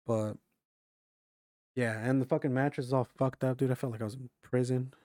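A man's voice: mid-range voice, steady tone, brisk, a little mellow, no room sound, clean studio sound. A young man telling a rambling, profane story to friends in casual chat, full of fillers.

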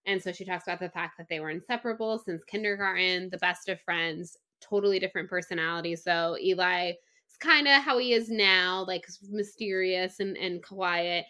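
A woman with a bright, sharp-edged voice chatting casually on a book podcast. She is playful, throws in quick jokey asides and laughs easily. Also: fairly low pitch. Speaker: podcast co-host. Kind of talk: casual book-club chat.

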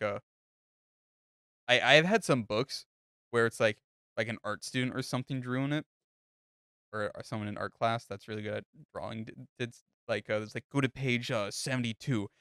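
Young male podcast co-host, casual and crude, many fillers; low-ish, clean voice, dry recording. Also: a bit bright, clean tone, dry recording. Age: young adult. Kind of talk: casual chat.

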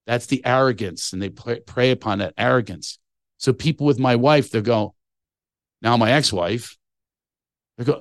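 A man's voice: medium pitch, moderate pace, long pauses, no echo, studio quality. Impassioned ranting male comedian guest. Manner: impassioned ranting with mocking asides and acted-out quotes. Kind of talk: animated podcast conversation.

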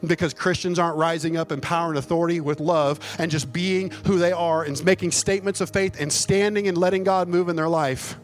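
A man's voice: fairly high pitch, fairly even intonation, fairly quick, hardly any pauses, soft background music. Folksy, emphatic male preacher. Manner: folksy, emphatic, jokes and laughs mid-preaching. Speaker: pastor. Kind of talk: sermon.

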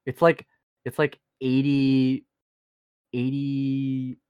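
A young man co-hosting a podcast in slangy casual chat, laughing often and talking in quick bursts. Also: medium pitch, completely flat delivery, clear, resonant tone, dry recording, muffled recording. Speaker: podcast co-host.

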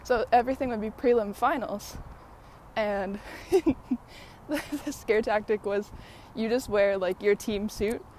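A woman's voice: mid-range voice, slow, darkish tone, a little hiss or hum. Female podcaster, casual and rambly, slightly winded on a walk outdoors. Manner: many fillers, laughs often while talking. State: out of breath walking uphill. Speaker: podcast host.

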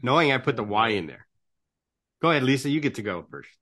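Host, male, middle pitch, earnest coach type who keeps checking in with "right?". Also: big pitch swings, quick pace, sharp tone. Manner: tags nearly every phrase with "right?"; earnest, encouraging. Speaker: podcast host and life coach. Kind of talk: casual interview.

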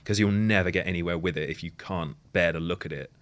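Co-host, deep-voiced man with a bright edge, wry and sweary. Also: fast talker. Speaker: podcast co-host. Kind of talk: casual chat.

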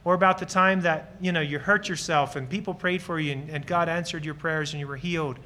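A man's voice, on the high side and a little fast, steady in tone yet pushed and bright. He's a guest ministry speaker from Lancaster County, Pennsylvania, giving an earnest, spirited talk full of audience questions and personal stories, and he voices short bits of dialogue while explaining.

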